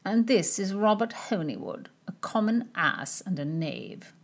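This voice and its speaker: A woman's voice: medium pitch, big pitch swings, a little slow, gravelly, heavily acted. A woman voicing an arrogant, mocking young nobleman in a storybook reading. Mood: haughty.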